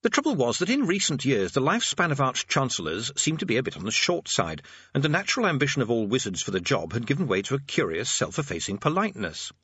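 Man, audiobook narrator, wry, husky, lively pitch. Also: fast talker, no echo, lo-fi sound.

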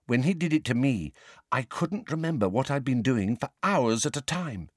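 A man's voice: mid-range voice, sing-song, moderate pace, slightly rough, dry recording, clean studio sound, pitched above the performer's own voice. A man voicing a blunt, fierce teenage girl who speaks coolly and plainly. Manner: blunt, cool, forceful.

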